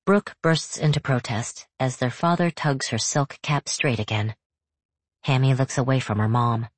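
A narrator reading a first-person novel in a steady, measured storytelling voice. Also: medium pitch, breathy edge, no room sound. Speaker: audiobook narrator.

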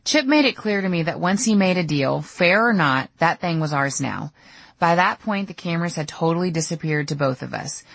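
A woman's voice: lowish voice, expressive, normal speed, gravelly, fairly bright tone, no room sound. A middle-aged woman narrating her own audiobook memoir in a candid, storytelling way. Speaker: author reading her memoir.

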